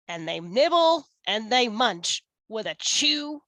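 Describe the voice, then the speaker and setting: Slow expressive woman reading aloud. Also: fairly high pitch, dry recording. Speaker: storyteller. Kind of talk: children's picture book read-aloud.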